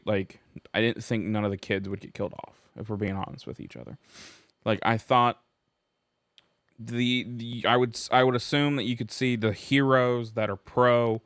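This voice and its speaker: Slow-talking man rambling about anime. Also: on the low side, clean tone, no room sound, studio quality. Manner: rambling, emotional, with frequent restarts and fillers. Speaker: anime reviewer. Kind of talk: casual vlog commentary.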